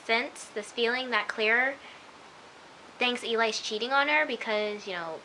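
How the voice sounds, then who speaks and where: A woman's voice: a little high, unhurried, bright, forceful tone, a little hiss or hum, poor audio. A woman chatting casually to camera at home, rambling with lots of "like" and "oh my gosh" as she reviews an episode. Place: at home, in pajamas.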